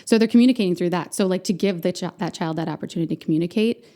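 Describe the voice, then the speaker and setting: A woman's voice: on the low side, very fast, mellow. A woman in her thirties, a podcast guest, speaking earnestly and candidly in a conversational interview. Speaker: podcast guest, center founder.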